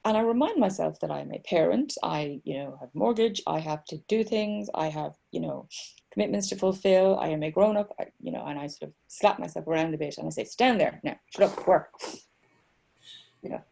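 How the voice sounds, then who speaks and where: A woman's voice: on the low side, animated, fairly quick, gravelly, dark tone. A middle-aged woman, chatting as an author guest over a video call from home, rambling and self-mocking with many restarts. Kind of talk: casual chat.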